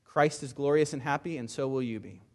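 A man's voice: medium pitch, brisk, a little mellow. A pastor delivering an impassioned sermon, often repeating words as he builds his points. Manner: impassioned preaching with frequent word repeats.

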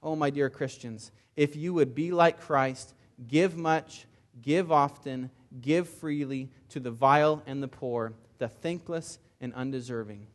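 A man's voice: mid-range voice, a little slow. A pastor delivering an impassioned sermon, often repeating words as he builds his points. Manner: impassioned preaching with frequent word repeats.

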